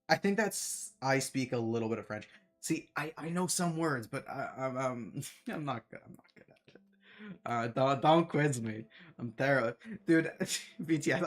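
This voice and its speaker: A man streaming a game, chatting in a rambling, self-deprecating way and laughing often. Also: mid-range voice. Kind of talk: casual chat while gaming.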